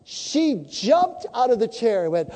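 A woman preaching a sermon as a story, animated and acting out the conversations she tells. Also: on the high side, measured pace, long reverb tail.

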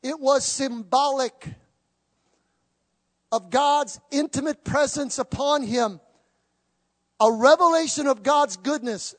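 An impassioned male pastor preaches to his congregation at a church service, his very high voice swinging between loud declarations and hushed tones.

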